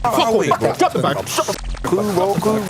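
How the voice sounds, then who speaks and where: A man's voice: high-pitched, big pitch swings, moderate pace, very noisy. A man playing a menacing street robber. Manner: barked commands in street slang.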